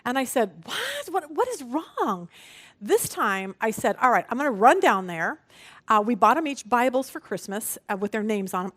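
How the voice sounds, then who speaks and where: A woman's voice: medium pitch, fairly bright tone. A middle-aged woman leading a Bible study, telling a personal story with strong emotion, her voice rising when she is distressed.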